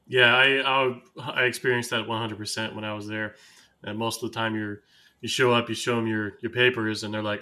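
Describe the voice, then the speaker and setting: An American man hosting a casual podcast, with a low but bright, forceful tone. He rolls from one anecdote to the next and laughs readily. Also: little pitch movement, fairly quick. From United States. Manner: chatty, anecdotal, laughs easily. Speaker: podcast host.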